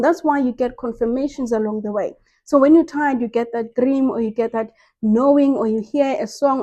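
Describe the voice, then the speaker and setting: High warm-voiced woman giving earnest encouragement. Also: poor audio. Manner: earnest, repeats phrases, asks "right?" often. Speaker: faith vlogger. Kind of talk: devotional encouragement message.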